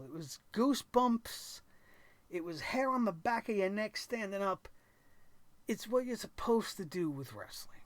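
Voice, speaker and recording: A man hosting a wrestling show, reacting with excitement and acting out the wrestlers' lines. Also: high-pitched, no room sound. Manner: animated, acts out wrestlers' lines and shouts.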